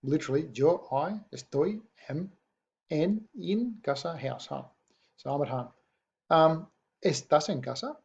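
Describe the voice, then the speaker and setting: A man's voice: fairly high pitch, expressive, a little slow, vocal fry, slightly rough, lo-fi sound. A man explaining a Spanish grammar point in a recorded lesson, patient and checking in with his students. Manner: patient, checks in with rhetorical "yeah?". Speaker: Spanish teacher.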